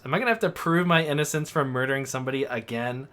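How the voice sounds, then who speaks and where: A man's voice: mid-range voice, fast talker, a bit bright. A man from Russia giving casual, rambling commentary while playing a story game. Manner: chatty, rambling, filler-heavy reactions. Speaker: let's play gamer.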